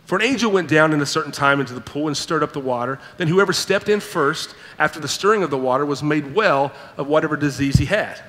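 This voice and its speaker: Pastor guy preaching, high bright voice, animated, acting out quotes, big churchy reverb. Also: fast talker, few pauses. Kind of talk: sermon. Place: church sanctuary.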